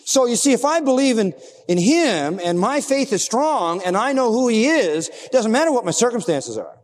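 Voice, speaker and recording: A man's voice: very high voice, very animated, normal speed, big-room sound. A man preaching a sermon as pastor, emphatic, asking the congregation rhetorical questions.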